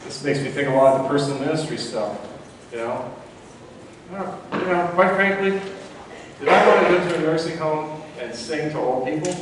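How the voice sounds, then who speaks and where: A man's voice: animated, normal speed, noisy background. A man preaching a sermon in a church, talking in a conversational way with many asides to the congregation. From Florida. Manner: conversational, rises in pitch when acting out voices in a story. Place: church sanctuary. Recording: echoey church hall from far off.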